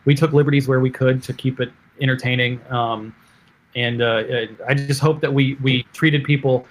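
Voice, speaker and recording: A man's voice: medium pitch, fairly even intonation. A man who is a film director, telling behind-the-scenes stories in a casual interview, full of fillers and restarts. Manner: halting, filler-heavy anecdotal storytelling. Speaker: film director, podcast guest.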